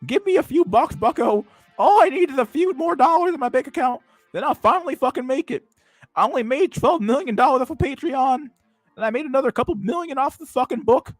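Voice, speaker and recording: A man's voice: very high-pitched, lively intonation, a little fast, no room sound, pitched above the performer's own voice. A smug older guru figure lectures and taunts in a pushed-up, swooping voice, put on by a man. He is crude and gloating, with a dry, close sound. Faint music plays behind him. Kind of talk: parody impression on a livestream.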